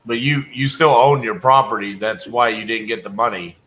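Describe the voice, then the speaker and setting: A man from Texas, a real estate wholesaler hosting a live sales call, asking calm, logical questions. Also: mid-range voice, normal speed, rough recording.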